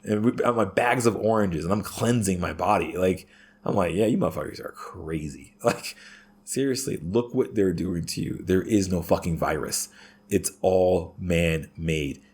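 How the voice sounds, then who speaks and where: A man's voice: deep voice, measured pace, a little hiss or hum. A man talking as a podcast guest in a profane, ranting way, punctuating his points with "right?". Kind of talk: casual podcast conversation.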